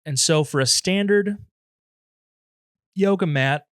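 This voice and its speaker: A man's voice: fairly high pitch, slow, clean tone, no room sound, clean studio sound. A man hosting a comedy podcast alone in his apartment, rambling and self-deprecating, turning emotional now and then. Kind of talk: improvised comedy podcast monologue.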